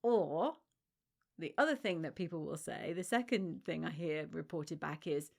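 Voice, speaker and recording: Speaking at a normal pace in a low, animated voice with vocal fry, this dog separation-anxiety trainer runs a solo podcast. Her delivery to the listener is direct, emphatic and comforting.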